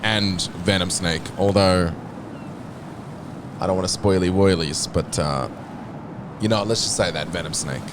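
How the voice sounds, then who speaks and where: A man's voice: deep voice, a little slow, pauses often. A man streaming a video game, chatting casually with crude jokes and plenty of swearing. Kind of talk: casual live-stream chat. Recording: clear background noise.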